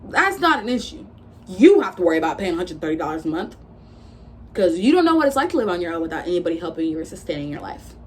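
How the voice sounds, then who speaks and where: A low-voiced woman in her twenties vlogs a casual storytime rant over slight background noise. Blunt and profane, she recounts arguments by quoting each side's back-and-forth.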